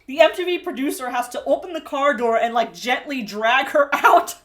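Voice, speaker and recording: A woman with a fairly high voice talks through a reality TV recap. She is snarky and chatty, and laughs often as she comments. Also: lively intonation, normal speed, shouting, very noisy.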